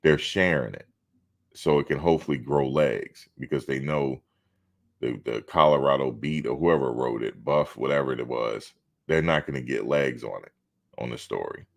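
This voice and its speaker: A man's voice: very deep voice, moderate pace, creaky. A man hosting a live stream, talking casually and bluntly, outspoken and swearing freely.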